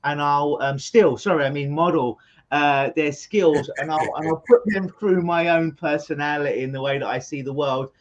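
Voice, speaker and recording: A man's voice: fairly high pitch, moderate pace. A man from London with a London English accent, a guest hypnotist answering interview questions in a jokey, explanatory way. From England. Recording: dull remote call audio.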